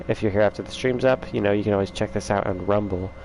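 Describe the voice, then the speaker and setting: A man's voice: on the low side, fairly even intonation, quick pace, darkish tone, slight background noise, rough recording. A man hosting a casual gaming livestream from his room at home, chatting and teasing viewers by name.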